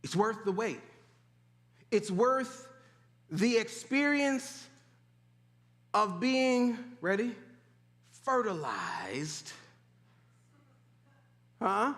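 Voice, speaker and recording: A man preaching a sermon in animated call-and-response style, urging the congregation to repeat after him. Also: very high voice, drawn-out words, pauses often. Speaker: pastor. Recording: echoey hall.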